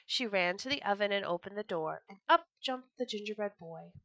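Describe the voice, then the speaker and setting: A woman reading folk tales aloud for a storytelling podcast, expressive and lively. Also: medium pitch, moderate pace, no echo.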